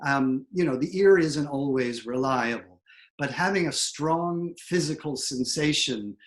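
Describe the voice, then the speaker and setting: Giving an online lecture on a video call, a male theatre professor and dialect coach speaks at a measured pace in a fairly high voice, with animated, emphatic energy.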